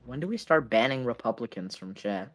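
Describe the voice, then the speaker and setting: A man's voice: medium pitch, animated, brisk, a bit bright, faint music behind. Joking male speedrunner mid-stream. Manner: joking, offhand, teasing. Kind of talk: casual chat while gaming.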